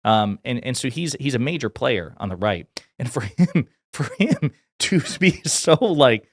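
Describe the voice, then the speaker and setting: A man's voice: medium pitch, big pitch swings, a little slow, no room sound, clean studio sound. A man from Kentucky giving casual political commentary in a blunt, sarcastic, profane way.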